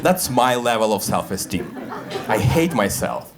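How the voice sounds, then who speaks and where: A man in his thirties from Russia, with a Russian accent, doing a deadpan stand-up set in English on a comedy club stage, with fillers and small slips. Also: lowish voice, unhurried, crowd noise, noisy background.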